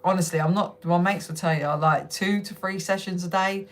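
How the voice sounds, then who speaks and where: A woman's voice: on the low side, steady tone, fairly quick. Chatty woman swearing freely on a live stream. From United Kingdom. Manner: chatty, swears freely, laughs often, answers comments directly. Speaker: livestream host. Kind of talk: casual live chat with viewers.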